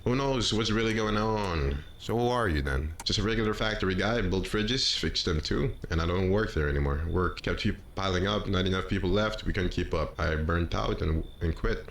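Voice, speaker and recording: A man's voice: low-pitched, moderate pace, hardly any pauses, a bit bright, a little hiss or hum. A man voicing a plain, tired former factory worker speaking through a door.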